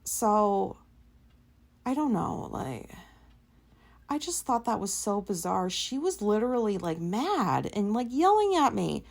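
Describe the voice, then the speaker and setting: A woman's voice: medium pitch, very animated, slow pace, creaky. Woman in her 30s just venting about old jobs, cusses a lot, says like constantly, medium voice. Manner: blunt and profane, many fillers. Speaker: podcast host. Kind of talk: casual personal storytelling.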